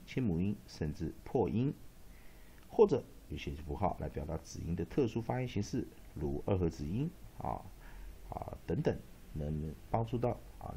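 Male phonics teacher; dark, mellow tone, repeats each word with emphasis. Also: lowish voice, gravelly, slightly rough. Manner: repeats words slowly and emphatically, switching between Mandarin and English. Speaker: English pronunciation teacher. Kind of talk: pronunciation lesson, drilling syllables.

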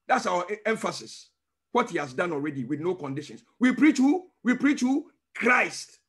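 Male pastor, teaching sermon; fervent, repeats questions to the congregation, slips into tongues; husky timbre. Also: sits high, big pitch swings, brisk. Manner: emphatic, with call-and-response questions; breaks into speaking in tongues.

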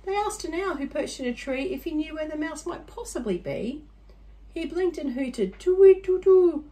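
A woman's voice: high voice, animated, moderate pace, a little mellow. A woman reading a rhyming picture book aloud to children, adding chatty little asides to her listeners.

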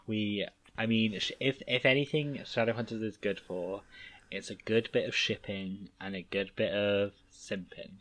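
A man's voice: lowish voice, fairly even intonation, moderate pace, a bit bright. A man co-hosting a podcast and chatting casually about books. He talks in an enthusiastic, fan-like way with lots of fillers. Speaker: podcast co-host. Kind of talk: casual book-discussion chat.

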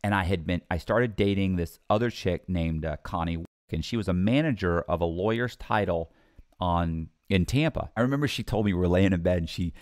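A middle-aged man casually telling a story, chatty and animated, retelling conversations as dialogue. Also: sits low, fairly quick, dry recording, clean studio sound. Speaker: guest telling his own story.

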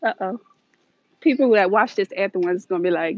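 An American woman vlogs her shopping live from inside a large store, phone held while walking, talking casually, jumping around, and laughing often. Her medium-pitched voice has lively intonation and a slightly fast pace. The dull, dry phone audio carries no echo.

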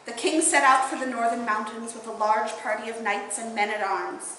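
A woman telling a fairy tale aloud to a live audience at a bardic gathering, in an expressive, lilting way. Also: fairly high pitch, normal speed, hardly any pauses, background noise. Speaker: storyteller. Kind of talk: oral storytelling at a bardic gathering. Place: indoor event hall, live audience. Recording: very echoey hall.

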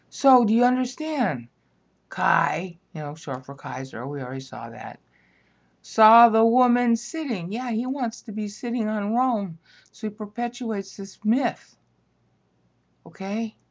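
A woman teaching a Bible lecture in a conversational way, often stopping to ask "okay?". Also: mid-range voice. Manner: conversational, keeps checking in with "okay?". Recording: dull lo-fi recording.

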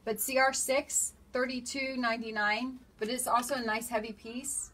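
A woman's voice: a little high, little pitch movement, normal speed, sharp tone. A woman hosting a live shopping stream, chatting and reading out item codes and prices. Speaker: shop host presenting products.

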